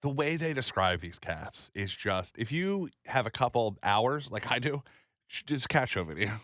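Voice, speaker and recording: A young man co-hosts a casual chat with an animated, joking delivery. His pitch swings widely as he talks, and the sound is dry and close with no room echo. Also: normal speed. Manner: animated, jokey, with big jumps in pitch. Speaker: co-host.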